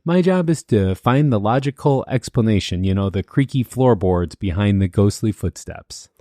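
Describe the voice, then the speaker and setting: A man plays the skeptic on a paranormal podcast, with a mellow, dark voice and a relaxed, joking manner. The sound is dry and close-miked. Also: fairly low pitch, normal speed, no echo. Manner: joking, easygoing banter. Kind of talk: casual podcast chat.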